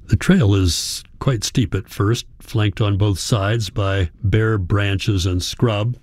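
Speaking quietly and with measured care, a male audiobook narrator tells a literary story in the first person. His low voice is warm and mellow, and his tone stays steady. The recording is close and dry, with no room sound at all.

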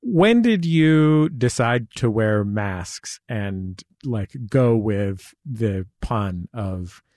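A man with a low voice hosts a studio interview. He is relaxed, asks long, winding questions and drops in dry jokes. The sound is close and dry, with no echo. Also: drawn-out words. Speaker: radio interview host. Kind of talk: conversational interview. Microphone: studio mic.

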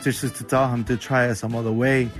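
A man's voice: mid-range voice, little pitch movement, fast talker, soft background music. Young guy guesting on an interview, says like a lot, a bit hesitant. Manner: hesitant, many fillers. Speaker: guest, son of the musician.

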